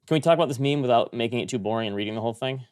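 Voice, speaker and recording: A man co-hosting a finance podcast, explaining things briskly in casual chat and repeating words. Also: medium pitch, a little mellow, clear, resonant tone. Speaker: podcast co-host.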